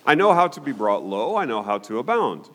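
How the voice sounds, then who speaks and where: A man teaching a Bible study in a conversational way, often pausing to ask "okay?" and putting questions to his listeners. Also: medium pitch, sing-song, a bit bright. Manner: conversational, frequent "okay?" check-ins.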